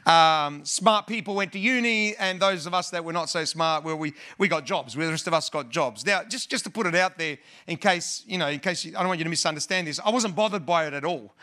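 A man's voice: fairly high pitch, a little fast, hardly any pauses, sharp tone. A man preaching a sermon, opening with a prayer and then talking in a conversational way, with many fillers and restarts. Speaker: pastor.

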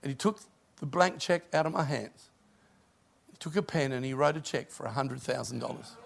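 A man's voice: mid-range voice, moderate pace, creaky, slight background noise. A middle-aged man, a pastor, preaching a sermon and telling stories with rising emphasis.

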